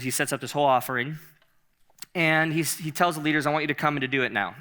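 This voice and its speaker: Man, pastor, sermon, bright voice, slightly high, chatty and animated, laughs a lot. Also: fast. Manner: conversational, animated, laughs often, repeats himself.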